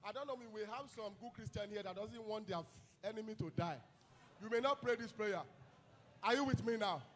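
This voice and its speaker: A young Nigerian man, a youth pastor, preaching a fiery sermon full of shouted calls and repeated "hello?" to the congregation. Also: high-pitched, brisk.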